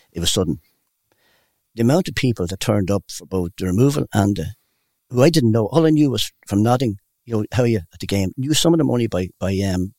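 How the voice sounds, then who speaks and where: Brief: older male interviewee, fast and gravelly, dry close sound, anecdotal rambler. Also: lowish voice, no room sound. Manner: rambling, warm anecdotal storyteller. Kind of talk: casual storytelling.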